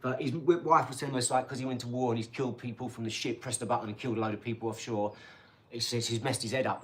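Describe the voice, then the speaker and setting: A middle-aged man, hosting a casual livestream chat in a rambling, boastful, excitable way with lots of tag questions. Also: mid-range voice. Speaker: channel host reading viewer comments.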